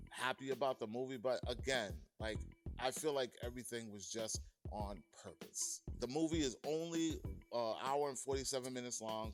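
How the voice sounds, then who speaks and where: A man from Massachusetts reviewing a film in a loose, chatty way, full of fillers and restarts and plainly enthusiastic. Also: mid-range voice. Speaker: movie reviewer. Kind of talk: casual video review.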